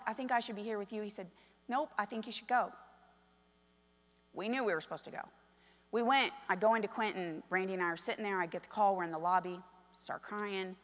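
A middle-aged woman pastor preaching a sermon, moving from soft storytelling to loud, emphatic calls. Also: lowish voice. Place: church sanctuary. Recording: long reverb of a large hall.

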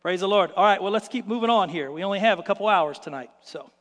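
A man preaching a sermon as pastor, telling stories in an animated way and acting out the scenes. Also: high-pitched, fast, long reverb tail.

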